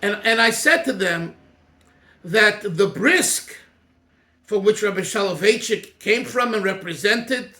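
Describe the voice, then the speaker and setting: A man teaching an informal Torah class as a rabbi, talking in an animated, digressive way with many restarts. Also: sits high, takes it slowly, roomy sound.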